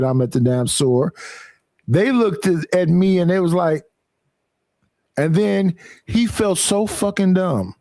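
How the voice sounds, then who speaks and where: A man on a talk show, somewhat high-voiced, telling profane stories that he acts out as he goes. His voice sounds dry and close to the microphone, with no room around it. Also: unhurried, dry recording. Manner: profane, animated storytelling with acted quotes. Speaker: podcast host. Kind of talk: casual storytelling.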